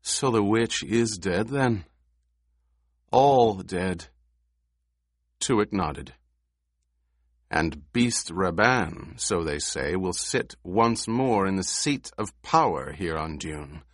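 A man voicing a shrewd male smuggler chief who speaks low, measured and quietly guarded in an audiobook. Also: lively intonation, dry recording, studio quality, heavily acted. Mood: calm.

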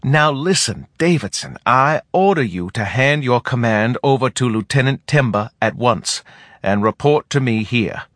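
A feeble, whining older commander, as a male reader puts him on, short of breath and lifting his voice a little higher than a plain speaking tone. He pleads and lectures in wordy official phrases, in a dry, close audiobook recording. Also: lively intonation, unhurried, a bit bright, dry recording. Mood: pleading, stern. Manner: pleading, long-winded officialese. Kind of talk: audiobook character reading.

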